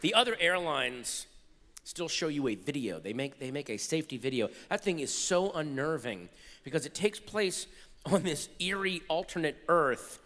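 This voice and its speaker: A man performing a stand-up comedy routine on stage, animated, swinging between muttered asides and shouted rants. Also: high voice. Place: large theater stage before a live audience. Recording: live hall recording with reverb.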